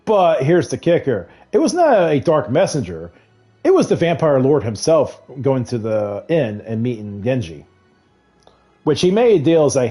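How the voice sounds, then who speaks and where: A man's voice: mid-range voice, very animated, normal speed, warm tone, faint music behind. A man casually retelling a novel's plot while playing a game, rambling and quoting characters with frequent laughs. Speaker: streamer recapping a novel. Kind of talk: casual chat while gaming.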